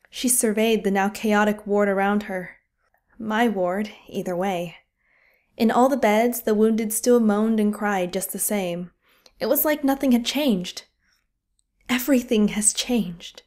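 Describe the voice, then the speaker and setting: A woman narrating a fantasy war audiobook in an expressive, vivid storytelling style. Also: medium pitch.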